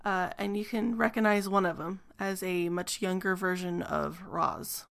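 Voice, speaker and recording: A woman narrating a tabletop game as game master, describing scenes with frequent pauses and ums. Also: on the low side, steady tone, gravelly, fairly bright tone.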